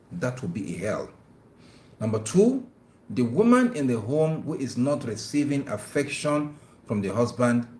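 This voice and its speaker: A man hosting an Islamic talk show, giving earnest, preachy marriage advice and often stammering on repeated words. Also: mid-range voice. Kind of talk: religious advice talk with phone-in. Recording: echoey room.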